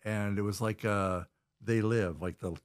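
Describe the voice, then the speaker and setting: A man, an author guest on a podcast, talking in a measured, thoughtful way. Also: fairly low pitch, fairly even intonation, dry recording, studio quality. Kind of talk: casual chat.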